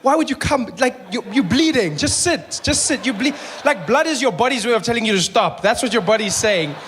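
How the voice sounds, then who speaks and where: A South African stand-up comedian with a high, fairly quick male voice performs an animated set, switching into character voices. The recording captures a noisy live audience at a comedy venue, with some echo.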